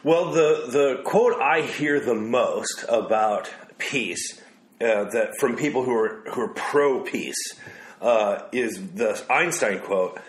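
A man co-hosting a casual discussion show, reflective and quick to laugh as he reads quotes aloud. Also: mid-range voice, expressive. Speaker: podcast co-host. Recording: roomy echo.

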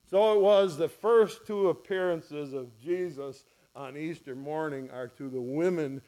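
Speaking slowly from the pulpit of a church, a pastor whose voice is a little high delivers a sermon full of stories. He performs the quoted voices, shifting between soft and loud.

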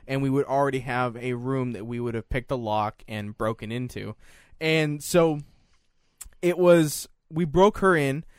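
A young man in casual chat as a podcast co-host, telling crude, animated stories full of swearing. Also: mid-range voice, no echo, clean studio sound.

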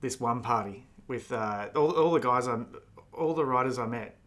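An Australian man chatting casually and telling stories with a bright tone. He rambles, restarting his sentences and filling his pauses with "um" and "like.". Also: mid-range voice. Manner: rambling storyteller, many fillers and restarts. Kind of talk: casual conversation.

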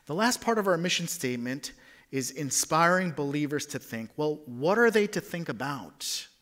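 A pastor in his thirties preaching with a bright, ringing tone. He drops to near-whispers for tender points and surges loud for emphasis. The man's slightly high voice carries lively energy. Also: moderate pace. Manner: dynamic, swings from hushed whispers to loud emphasis. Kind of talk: sermon.

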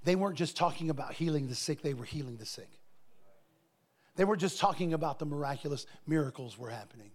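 A middle-aged man preaching a sermon as pastor, animated, acting out conversations from his stories. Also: fairly high pitch, fast.

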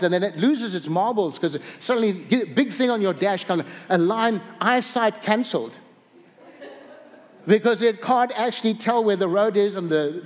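A man's voice: sits high, long reverb tail. A man preaching a sermon, telling stories in a rambling way with restarts and chuckles. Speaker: pastor.

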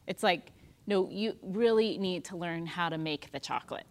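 A woman's voice: lowish voice, normal speed. A woman in casual conversation who explains Buddhist ideas plainly and affirms her co-host often.

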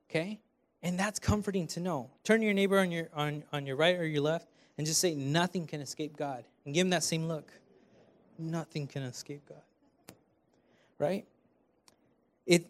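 A young man gives a sermon in a church, his voice sitting a bit high for a man. He preaches earnestly but conversationally, throwing in friendly asides to the congregation. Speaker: preaching student. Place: church hall.

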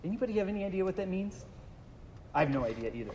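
A man with a high voice preaches to his congregation, a pastor who keeps things loose with jokes and self-deprecating asides. His words trail off into the long reverb of a large church sanctuary. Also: animated, racing, darkish tone, slight background noise. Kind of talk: casual humorous sermon.

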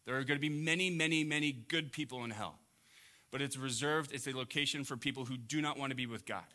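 Impassioned man preaching a sermon. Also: quick pace. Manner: impassioned, swings between loud emphatic peaks and quiet low asides. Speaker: pastor.

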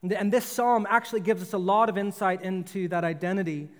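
A man's voice: high voice, steady tone, a little fast. A man preaching a sermon in earnest, often repeating words and restarting phrases as he goes. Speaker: pastor. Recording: long hall reverb.

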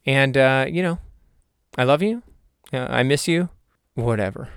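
A man's voice: medium pitch, measured pace, a bit bright, smooth, dry recording, studio quality. A man hosting a solo podcast in a casual, jokey, rambling way. He is also a hypnotherapist and sometimes talks to himself.

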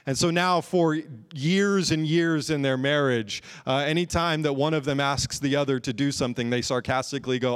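A man preaching a sermon in an earnest way, slowing down and drawing out key phrases for emphasis. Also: medium pitch, clean tone. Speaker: pastor.

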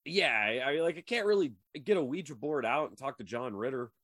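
A man's voice: mid-range voice, very animated, brisk, a bit bright, dry recording. A man co-hosting a podcast in casual chat, rambling and crude, stumbling over names, on a video call. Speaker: podcast co-host.

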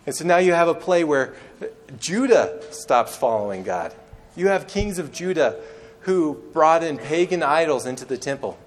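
A man's voice: fairly high pitch, lively intonation, normal speed. Storytelling young male preacher. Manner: storytelling with acted-out quotes; conversational, restarts words. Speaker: pastor. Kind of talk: sermon.

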